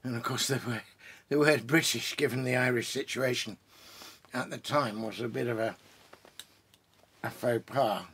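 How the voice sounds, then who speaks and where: A man with a gravelly, slightly husky voice talks casually from a home study full of bookshelves. He rambles as a poet introducing readings, breaking off, restarting and adding asides. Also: medium pitch, fairly even intonation, fairly bright tone. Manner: pausing for pipe and drinks while talking. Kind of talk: casual chat introducing poems.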